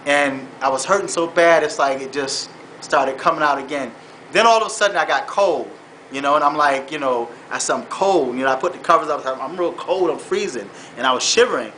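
A man vlogging, telling a personal dream earnestly and haltingly, repeating himself and moving into faith-based encouragement. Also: on the high side, bright, forceful tone, slight background noise, low-quality recording. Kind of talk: personal storytelling turning into faith-based exhortation.

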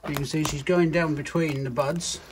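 A man's voice: a little high, steady tone, normal speed. A man who runs a plant nursery, chatting casually and bluntly, swearing freely as he works outdoors. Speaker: nursery owner. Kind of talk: casual chat. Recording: noisy outdoor recording.

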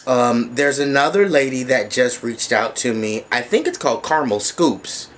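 A man's voice: medium pitch, normal speed, background noise. A man vlogging casually at home, chatty and gushing with thanks, with lots of fillers. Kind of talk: casual thank-you vlog. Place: at home, sitting.

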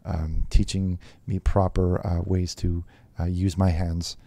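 A man playing a stammering deep-voiced televangelist. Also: flat delivery, gravelly, dark tone, no echo, full character voice. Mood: flustered. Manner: halting, lots of fillers and restarts. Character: nervous fumbling male televangelist host. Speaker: host.

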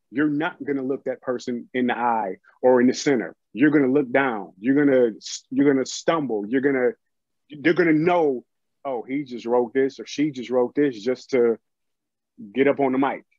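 A man's voice: medium pitch, a little mellow. Male guest speaker, earnest and encouraging; muffled lo-fi remote recording with no room echo. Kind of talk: giving advice on public speaking.

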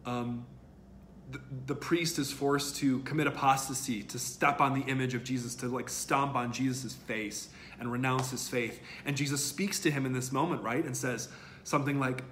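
A man's voice: mid-range voice, steady tone, normal speed, a bit bright, slight background noise. A male college lecturer giving an online lecture in a conversational way, thinking aloud with fillers and restarts.

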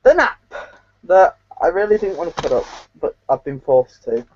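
A woman's voice: on the low side, very animated, moderate pace, darkish tone. A woman on a casual panel chat, playful and protesting. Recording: muffled audio with faint hiss.

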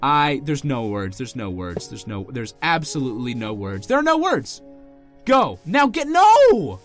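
A man's voice: medium pitch, very animated, moderate pace, fairly bright tone, faint music behind. A man giving let's play commentary as a channel host, pleading, exasperated and melodramatic.

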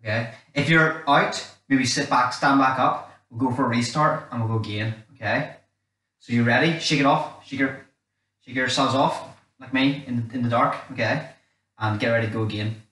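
A man's voice: medium pitch, steady tone, moderate pace, sharp tone. A man leading a children's church game, chatty and giving instructions. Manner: chatty, instructional, repeats "wee". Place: dark church hall. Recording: echoey room, mic far off.

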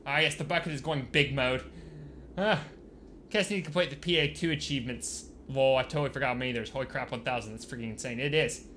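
A man giving casual let's-play commentary as a gaming YouTuber, excitable and swinging from quiet mutters to loud bursts. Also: medium pitch, quick pace, slight background noise.

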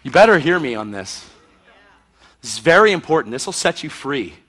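A man's voice: fairly high pitch, big pitch swings, normal speed, fairly bright tone, some chatter behind, slight background noise. A man preaching an emphatic, intense sermon, acting out scenes with sound effects. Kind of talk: charismatic sermon.

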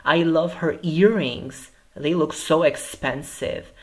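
A man's voice: on the high side, takes it slowly. A man hosting a reaction video, talking in effusive, exclamatory bursts of praise. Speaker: YouTube reaction host.

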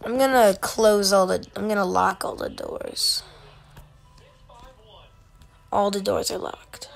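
A woman's voice: mid-range voice, normal speed, gravelly. A woman giving casual gameplay commentary, playful, making beeping sound effects and dropping whispered asides.

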